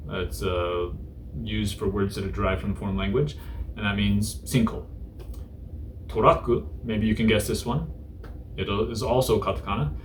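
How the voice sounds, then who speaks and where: A man hosting a casual language lesson in a somewhat low voice, relaxed and full of ums and uhs, with irreverent jokes slipped between words and a faint hiss behind him. He explains each term plainly, like a friendly tutor. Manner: joking, irreverent; laid-back, many fillers. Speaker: host teaching Japanese through news.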